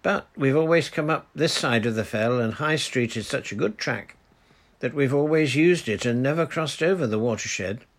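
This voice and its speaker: A man voicing a bold, bossy girl captain who talks briskly and commandingly. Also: mid-range voice, voice pushed up, close to an everyday voice.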